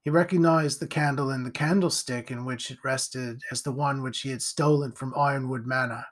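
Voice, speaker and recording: A man narrating a horror story in a slow, deliberate storytelling manner. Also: medium pitch, fairly even intonation.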